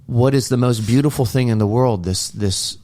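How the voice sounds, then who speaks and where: A man's voice: medium pitch, moderate pace, dark tone. A man co-hosting a podcast, earnestly and reflectively retelling a movie scene in casual talk. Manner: earnest, reflective storyteller acting out quoted lines. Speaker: podcast co-host.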